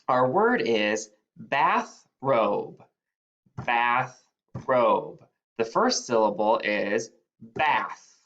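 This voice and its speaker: A male teacher giving a phonics spelling lesson, slowly stretching out the sounds of each word. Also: mid-range voice, a bit bright, dull audio.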